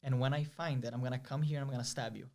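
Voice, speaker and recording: A man's voice: mid-range voice, fairly even intonation, rapid-fire, vocal fry, a little mellow, lightly acted. A man acting out an angry roommate who accuses and threatens, in an accusing, menacing tone.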